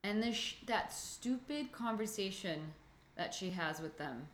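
A woman's voice: medium pitch, expressive, a little slow, slight background noise. A young woman chats bluntly with her podcast co-host, thinking aloud and restarting her sentences as ideas come. The room is echoey, so her voice has a roomy ring. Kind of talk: casual chat.

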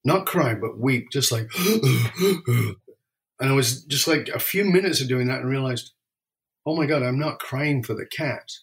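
A man telling an emotional personal story, reflective and candid, speeding up and slowing down as he goes. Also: mid-range voice, fairly bright tone. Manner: emotional, reflective, varies pace widely.

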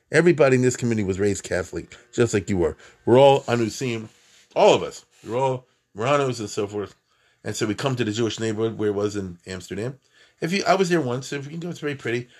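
A man teaching Jewish history in a lively, emphatic classroom talk, full of asides and restarts. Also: mid-range voice, fast talker. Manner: animated, emphatic, conversational with many asides and restarts.

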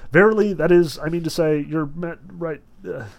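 A man's voice: on the high side, normal speed, highs cut off, pitched above the performer's own voice, natural voice. Varenukha: a man reading as a timid meek vampire.

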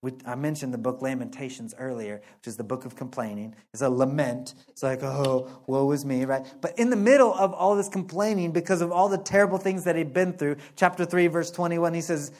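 A male pastor preaching with a voice that sits a little high for a man. He talks to the congregation in a conversational way, pushing some lines out with force and dropping others to a quiet, low aside. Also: fairly quick, few pauses. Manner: conversational, swinging from loud emphasis to soft, low asides. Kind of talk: sermon.

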